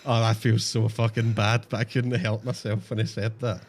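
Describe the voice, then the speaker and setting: A man's voice: on the low side, little pitch movement, moderate pace, slight background noise. A man streaming a game, chatting casually and self-mockingly to viewers, swearing often. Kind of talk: casual live-stream chat.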